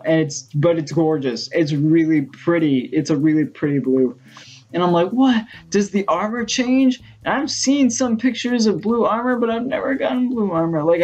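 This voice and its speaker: A man vlogging in a casual storytelling style, rambling and excitable, full of fillers. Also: on the high side, moderate pace, dull audio. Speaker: gaming vlogger.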